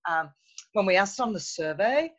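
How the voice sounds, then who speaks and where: A guest in a podcast interview, speaking in a thoughtful, measured way with frequent fillers. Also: medium pitch, expressive, fairly bright tone. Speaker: interview guest, youth health researcher. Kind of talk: conversational interview.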